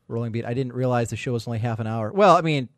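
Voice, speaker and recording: Male host, rapid and blunt, slightly high voice, dry close mic. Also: no room sound. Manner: blunt, scornful, swears freely. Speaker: podcast host. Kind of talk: casual podcast chat.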